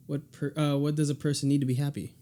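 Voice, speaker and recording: A young man hosting a podcast, firing off quick questions in a playful way and laughing often. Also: fairly high pitch, little pitch movement, warm tone, a little hiss or hum. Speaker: podcast host. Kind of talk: casual rapid-fire question game.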